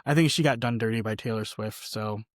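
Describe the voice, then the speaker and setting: A man's voice: on the low side, fairly quick, no room sound. A young man co-hosting a podcast in casual chat, dry and self-deprecating, often trailing off into a mumble. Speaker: podcast co-host.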